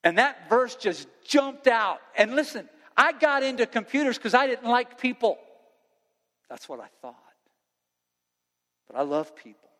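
A man preaching a sermon to students as their pastor, impassioned, swinging between loud preaching and quiet earnest talk. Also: very high voice, very animated, a little slow, pauses often, big-room sound. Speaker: youth pastor.

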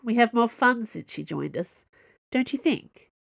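A woman voicing a sharp, skeptical female musketeer in an audiobook reading. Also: a little high, lively intonation, a little slow, gravelly, no room sound, muffled recording, pitched above the performer's own voice, heavily acted. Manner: dry, skeptical.

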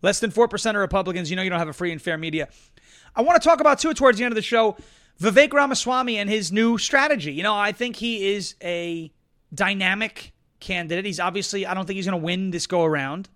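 Brief: male political talk host, middle-aged, fast and punchy, bright tone. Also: high-pitched. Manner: quick, emphatic, repeats points, joking. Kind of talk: casual political commentary and ad reads.

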